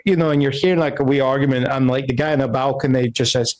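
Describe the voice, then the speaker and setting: A man's voice: mid-range voice, steady tone, fast talker, few pauses, a little mellow. A man acting as game master, narrating a tabletop game in a loose, rambling way.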